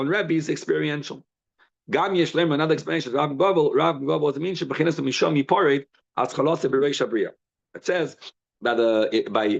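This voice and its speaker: A man teaching a live Torah class in an animated, conversational way, full of rhetorical questions, quick restarts and Hebrew and Yiddish terms. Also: on the high side, creaky, lo-fi sound. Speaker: rabbi teaching a daily class. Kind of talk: informal Torah lesson, storytelling.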